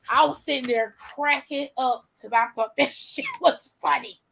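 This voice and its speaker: A woman in her forties, host, telling a story in casual chat, animated and profane, laughing often. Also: fairly high pitch, moderate pace, vocal fry, hardly any pauses, low-quality recording.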